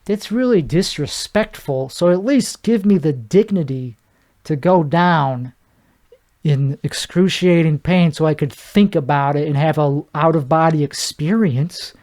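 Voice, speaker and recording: A man's voice: on the high side, measured pace, darkish tone. A man hosting a solo podcast, rambling from one thought to the next in a joking, self-deprecating way. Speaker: podcast host.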